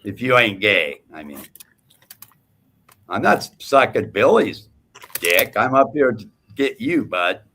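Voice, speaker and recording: Gravelly trash-talking man on a livestream. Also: fairly low pitch, very animated, slow, long pauses, sharp tone, a little hiss or hum. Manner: profane, taunting, mocking. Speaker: livestream host. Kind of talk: heated livestream panel trash talk.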